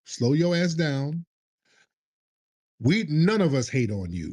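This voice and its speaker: Husky-voiced combative male host. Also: on the high side, takes it slowly. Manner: combative, mocking, animated. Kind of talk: call-in livestream talk.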